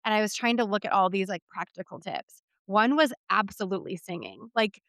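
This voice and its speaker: A woman's voice: medium pitch, brisk, fairly bright tone, no room sound. A woman in her thirties hosting a podcast, talking in a candid, conversational way with lots of fillers. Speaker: podcast host. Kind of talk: casual interview chat.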